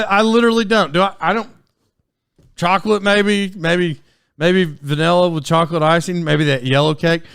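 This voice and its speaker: A man's voice: high voice, fairly bright tone, no echo, studio quality. A man in his forties telling stories on his solo podcast in a casual, rambling way, full of fillers and restarts. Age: 40s. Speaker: podcast host.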